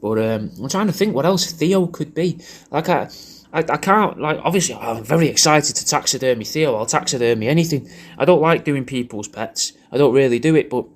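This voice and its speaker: A man rambles through a personalised comic birthday message. His delivery is loose and crude, full of repeated half-starts and tangents, at an ordinary middle pitch. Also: expressive, brisk. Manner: rambling, repeats himself, crude jokes, puts on silly voices in quotes. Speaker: comedian recording a personalised video message.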